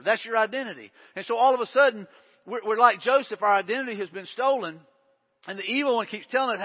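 A high-pitched man preaches a sermon in a church, his voice carrying a long reverb through the big room. The sound is dull and muffled, and he talks in an earnest way, repeating words as he drives a point home. He comes across as a pastor speaking to his congregation. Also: fast, breathy edge.

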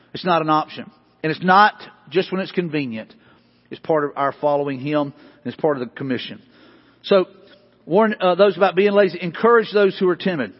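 A middle-aged man delivers an animated, conversational sermon. His voice sits high and sounds a little husky. The recording carries a long echo from the church hall and a somewhat dull, muffled quality. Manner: animated, conversational preaching with repeated catchphrases. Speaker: pastor. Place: church sanctuary.

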